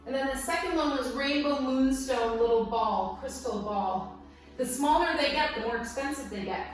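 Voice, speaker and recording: A woman teaching a guided yoga class, giving gentle, encouraging cues with playful asides, a little out of breath. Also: high voice. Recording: very echoey room, voice from a distance, soft music behind.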